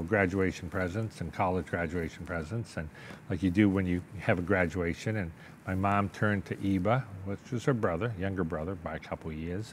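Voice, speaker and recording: Older man telling an animated story. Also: sits low, slight background noise. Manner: animated storyteller, acts out voices, keeps asking "okay?". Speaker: interview guest, business owner. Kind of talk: storytelling in a sit-down interview.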